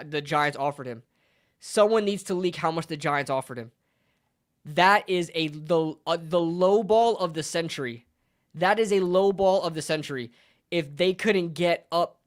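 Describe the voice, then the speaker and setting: A male sports streamer in a fired-up rant. He swears freely and hammers each point with repeated phrases, swinging between shouting outrage and muttered disbelief. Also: a little high. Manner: heated, profane, repeats lines for emphasis. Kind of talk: live sports reaction rant.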